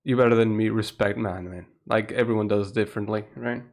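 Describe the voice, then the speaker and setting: A young man from Portugal with a Portuguese accent, keeping his voice low at night while chatting on a live stream, laughing often and swearing casually. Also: fairly even intonation, brisk, darkish tone. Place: home room at night.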